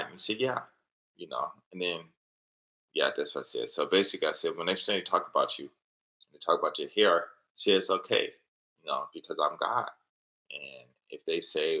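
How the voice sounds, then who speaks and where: Deep-voiced man telling stories, bright tone. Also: normal speed, low-quality recording. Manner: rambling, animated, laughs at his own stories. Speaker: father, teacher living in Japan. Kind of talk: casual storytelling chat.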